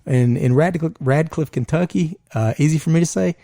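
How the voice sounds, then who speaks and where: Podcast co-host, man, lively yarn-spinner with a slightly raised pitch, recorded dry and close. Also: a little fast, no room sound. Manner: animated storyteller, voice jumps up when quoting himself. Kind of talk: casual storytelling chat.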